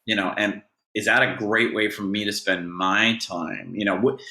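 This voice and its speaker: A man's voice: fairly low pitch, steady tone, normal speed, bright, forceful tone, reverberant. A man co-hosting a podcast in casual chat, earnest and practical, with many hesitations and restarts. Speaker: podcast co-host.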